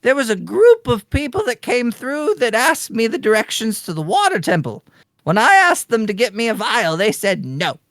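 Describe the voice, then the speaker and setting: Fussy old granny innkeeper, game master voice, high and rambling, dry sound. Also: very animated, moderate pace, fairly bright tone, no room sound. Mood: flustered. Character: forgetful old grandmother innkeeper, hospitable.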